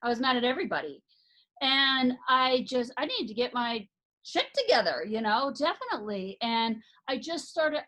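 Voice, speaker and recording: Woman, podcast guest, author and life coach, fairly high voice, earnest, emphatic, restarts sentences. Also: sharp tone. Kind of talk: personal story in a podcast interview.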